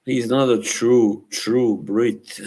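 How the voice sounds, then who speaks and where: A man's voice: medium pitch, fairly even intonation, very slow, darkish tone. A man hosting a live stream, chatting casually with viewers, laughing often and teasing. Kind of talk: casual chat reacting to live chat.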